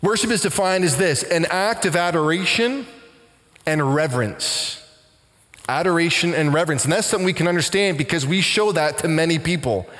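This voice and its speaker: Man, pastor, earnest heartfelt sermon, fairly high voice, long church reverb. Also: fairly quick, few pauses, a bit bright. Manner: earnest, heartfelt preaching with repeated words.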